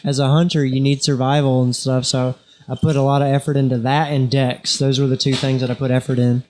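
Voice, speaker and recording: A young man playing a ranger in a tabletop game, stating his actions in a halting, hesitant way. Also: medium pitch, little pitch movement, darkish tone. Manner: halting, hesitant in-character declarations. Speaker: player. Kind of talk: casual tabletop play.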